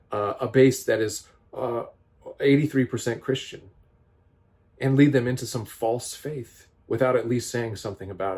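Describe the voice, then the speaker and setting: A man reading scripture aloud and explaining it in an earnest, critical commentary, pausing often and restarting his sentences. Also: medium pitch, warm tone. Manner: reads scripture aloud, then explains it with many restarts and fillers. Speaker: vlogger giving political commentary.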